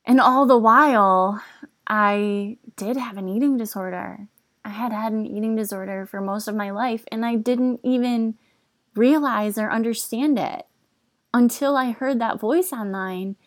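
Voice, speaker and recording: A woman's voice: on the high side, steady tone, unhurried, dry recording, clean studio sound. A young woman hosting a podcast, speaking in a candid, confessional way with casual fillers. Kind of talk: personal reflective talk.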